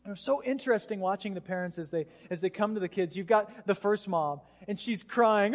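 A male pastor preaching a sermon, telling a story in an animated way and acting out what people said. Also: sits high, brisk. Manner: animated storytelling with acted-out quotes. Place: church sanctuary. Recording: long hall reverb in a church.

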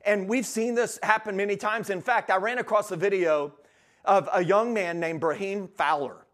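High-voiced man preaching with fire. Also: moderate pace. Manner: energetic, emphatic preaching. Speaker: guest preacher. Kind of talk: sermon.

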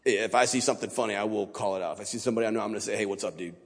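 Husky-voiced man preaching in a reverberant church. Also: fairly low pitch, steady tone, racing. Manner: casual, conversational, plain-spoken. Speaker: guest speaker at a church. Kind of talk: informal sermon. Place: church sanctuary. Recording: long reverb of a large church hall.

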